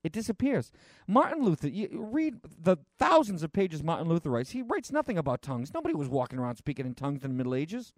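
A man preaching a conversational sermon, rambling and animated, with frequent restarts and fillers. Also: a little high, fast, no echo, clean studio sound.

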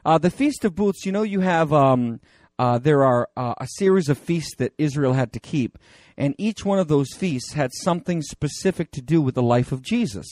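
A man with a fairly high voice preaches in a loose, conversational way, wandering into asides and stumbling over restarts and fillers. The sound is dry and close, with no room around it. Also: moderate pace, no echo. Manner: animated and digressive, with many fillers and restarts. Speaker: pastor. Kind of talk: conversational sermon.

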